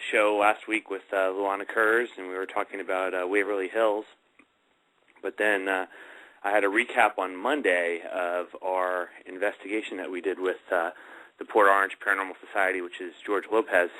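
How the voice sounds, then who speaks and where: A man's voice: low voice, sharp tone, rough recording. A man hosting a paranormal radio talk show, speaking casually with many fillers as he rambles.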